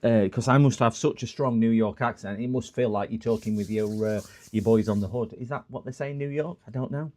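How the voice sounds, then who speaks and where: Rambling northern English man, mellow voice. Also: medium pitch, brisk, few pauses. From northern England. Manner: rambling, digressive storyteller. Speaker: electronics repair streamer. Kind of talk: casual live-stream chat.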